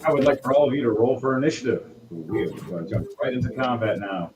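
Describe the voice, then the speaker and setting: A man running a tabletop game as game master, narrating scenes in a casual, lively way with asides. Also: medium pitch, fast talker, loud music behind the voice, rough recording.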